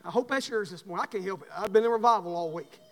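A man's voice: high-pitched, rapid-fire, a bit bright. A man preaching a fervent Baptist revival sermon in a church. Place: church sanctuary. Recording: long church-hall reverb.

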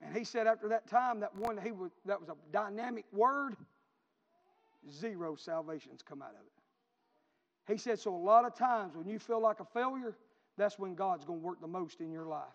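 Pastor, man, high-pitched and fervent, repeats his points, recorded dull in a reverberant sanctuary. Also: normal speed. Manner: fervent, repetitive storytelling preacher. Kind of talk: sermon. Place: church sanctuary.

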